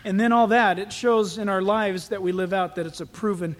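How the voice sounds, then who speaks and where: High-voiced preacher in an echoey hall. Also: male voice, a little fast. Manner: animated storytelling preacher. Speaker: pastor. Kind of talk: sermon. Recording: echoey hall with long reverb.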